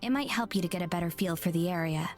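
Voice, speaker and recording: A man doing a calm, unbothered young woman. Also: sits high, quick pace, soft background music, pitched above the performer's own voice, natural voice. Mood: nonchalant.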